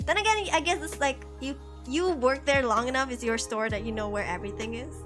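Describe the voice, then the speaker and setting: A woman's voice: sits high, fairly quick, music in the background. A young woman streamer in her twenties chatting casually into a headset, slangy, laughing often. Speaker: VTuber streamer. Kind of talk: casual chat.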